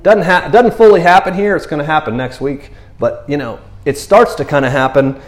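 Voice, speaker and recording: In a reverberant space, a man with a higher-pitched voice preaches at a moderate pace. The pastor keeps it casual and slangy, animatedly acting out the people in his story by switching into different character voices.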